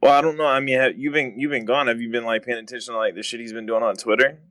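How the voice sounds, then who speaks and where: Relaxed man on a dry podcast call. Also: mid-range voice, very fast, no echo. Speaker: guest commentator. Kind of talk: casual debate call-in.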